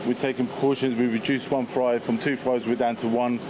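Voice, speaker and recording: A man's voice: mid-range voice, level tone, a little fast. A man who runs a fish and chip shop, answering interview questions in a matter-of-fact way. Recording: noisy outdoor street with traffic.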